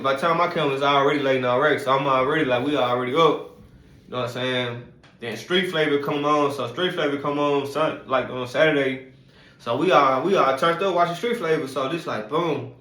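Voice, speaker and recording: A man's voice: medium pitch, pushed and bright. Rambling man, roomy echo. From Houston, Texas. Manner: rambling, heavy on fillers and street slang. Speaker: vlogger telling his life story. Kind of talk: casual storytelling.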